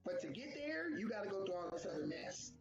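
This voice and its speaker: A woman's voice: medium pitch, brisk, gravelly. A woman co-hosting a casual talk about grief, acting out quoted voices as she speaks. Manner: animated, acts out quotes. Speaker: co-host. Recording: echoey room, dull sound, faint music.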